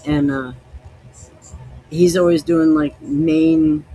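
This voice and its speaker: Tasting liquor as he talks, this podcast host rambles through loose, easygoing stories in casual conversation. His fairly high voice is steady, slow, and dark in tone, and the audio is poor.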